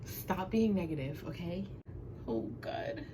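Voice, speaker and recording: A woman's voice: mid-range voice, normal speed, heavy background noise. A young woman filming a casual vlog at home, chatting playfully with her viewers and giggling through her nerves. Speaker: vlogger. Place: small room at home under a ring light.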